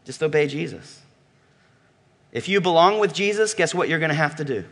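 A man's voice: lively intonation, a little fast. Man preaching with dramatic swings. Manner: emphatic preaching, swings from loud calls to low murmurs; asks the congregation questions. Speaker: pastor. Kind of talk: sermon.

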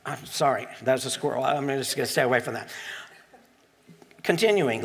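A man's voice: medium pitch, a little fast, gravelly, pauses often. A male pastor reads scripture aloud and explains it in a casual, digressive way, with self-deprecating asides. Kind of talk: conversational sermon reading and explaining scripture.

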